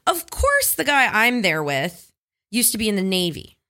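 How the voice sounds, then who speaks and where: Animated bright-voiced woman telling a story. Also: medium pitch, moderate pace. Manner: animated storyteller, acts out quotes. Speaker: podcast co-host. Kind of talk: casual storytelling chat.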